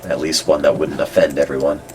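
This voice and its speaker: A congested man making dry, deadpan remarks while browsing and reading out old web pages. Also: rumbling low, fairly quick, slight background noise.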